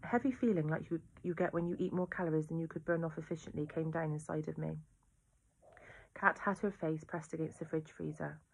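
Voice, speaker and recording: Lady reading a kids novel out loud, lowish voice, steady and even. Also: a little fast, creaky, a little hiss or hum. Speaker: reader. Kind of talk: reading a children's novel aloud.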